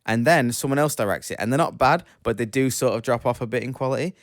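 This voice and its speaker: A man sits close to a dry, dead-sounding mic and reads out odd news stories. His delivery is matter-of-fact and unhurried, with the occasional stumble over a word. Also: mid-range voice, dry recording. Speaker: podcast co-host. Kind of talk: casual chat and news reading.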